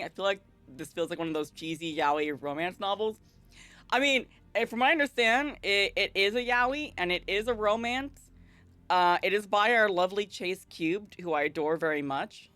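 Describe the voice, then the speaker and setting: Lively woman streamer, very animated pitch. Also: moderate pace, faint music behind. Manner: animated and chatty, laughs often, scolds her cat. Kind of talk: casual livestream chat while reading a visual novel.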